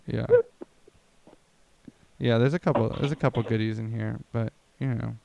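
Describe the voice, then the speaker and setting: A young man co-hosting a podcast, reading jokes aloud in a low-key, casual way. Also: steady tone, normal speed, vocal fry, warm tone, dry recording, lo-fi sound. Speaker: podcast co-host. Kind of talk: casual chat.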